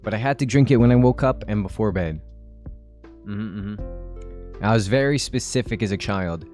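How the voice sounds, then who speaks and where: A man's voice: fairly low pitch, moderate pace, a little mellow, faint music behind. A man in his twenties chatting casually on a live stream, rambling and laughing often.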